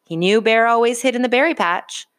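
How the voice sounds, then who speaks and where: A woman reading a children's storybook aloud in a gentle, unhurried way. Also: a little high, dry recording.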